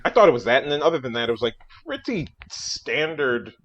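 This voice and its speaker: Low-voiced guy riffing on a podcast, swoopy lively delivery, kinda muffled lo-fi audio. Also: brisk. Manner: animated, playful, riffs on jokes. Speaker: podcast guest, comedian. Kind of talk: casual comedic chat.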